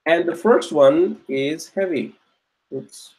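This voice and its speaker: A man's voice: fairly high pitch, takes it slowly, darkish tone. A man teaching an online grammar class, patiently repeating each point and checking that students follow. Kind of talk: online Arabic grammar lesson.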